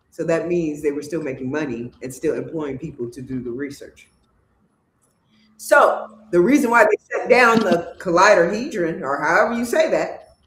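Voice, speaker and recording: Slow preachy livestream host, really drawn out, echoey room w/ a little hiss. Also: mid-range voice. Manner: preachy, emphatic, rising to loud declarations. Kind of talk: spiritual talk show monologue. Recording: echoey room with faint background noise.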